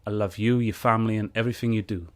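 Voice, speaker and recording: A man's voice: lowish voice, steady tone, very fast. A man reviewing a video clip, arguing back at it in an earnest, heated way. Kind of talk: reaction commentary on a clip.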